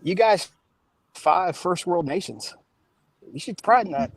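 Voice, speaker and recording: A man's voice: high voice, expressive, a little slow, no echo, rough recording. A man from the Washington DC and Maryland area with an American accent, talking earnestly on an online panel. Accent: American, Mid-Atlantic (DC/Maryland). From United States. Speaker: panel guest. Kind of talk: casual panel discussion. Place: online voice call.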